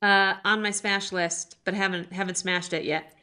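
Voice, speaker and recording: Bright, playful woman co-host. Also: medium pitch, flat delivery, normal speed. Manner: playful, joking, candid. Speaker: podcast co-host. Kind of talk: casual chat.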